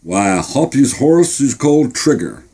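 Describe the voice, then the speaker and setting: A big boastful soldier with a drawling Texan accent, as a man puts him on. He brags in a lively, swooping voice with a dark, slightly husky tone. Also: mid-range voice, unhurried, pitched above the performer's own voice, exaggerated voice. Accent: Texan American. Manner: bragging, drawling.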